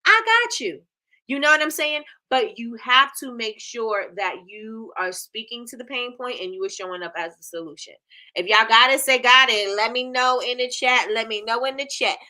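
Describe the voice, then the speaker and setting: Animated woman coaching on a live stream. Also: a little high, normal speed. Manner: animated, conversational, acts out customer voices, repeats "you know what I'm saying".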